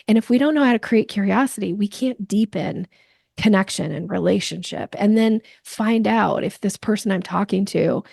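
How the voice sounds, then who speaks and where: A woman guest on a podcast, a sales coach explaining her ideas in lively conversation with playful examples. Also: medium pitch, moderate pace, gravelly, husky, dry recording, clean studio sound.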